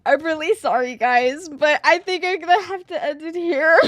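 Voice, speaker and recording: A woman's voice: high-pitched, fairly even intonation, normal speed, noisy background. A woman streamer chatting casually over a game, gushing with squealing exclamations and rambling, self-correcting sentences.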